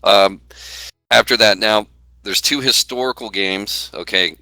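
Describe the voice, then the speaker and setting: A man giving betting picks on a fan podcast, talking in a halting way with many fillers. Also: on the low side, pushed and bright, no echo, poor audio. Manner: halting, lots of fillers and restarts. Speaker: podcast stats segment host. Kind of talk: casual podcast chat. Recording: dry with faint music.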